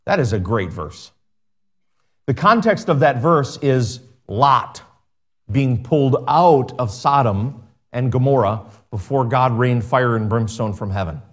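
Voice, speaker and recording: A man preaching a sermon as pastor, slowing down to stress words and dropping to a soft voice at the ends of phrases. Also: mid-range voice, expressive. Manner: preaching with slow emphatic stretches and soft drops.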